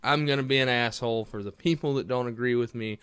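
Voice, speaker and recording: A man's voice: mid-range voice, fast talker, fairly bright tone, clear, resonant tone, no echo, clean studio sound. A man delivering a heated, profane, rambling political rant straight to camera. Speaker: political commentary vlogger. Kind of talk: profane ranting commentary to camera.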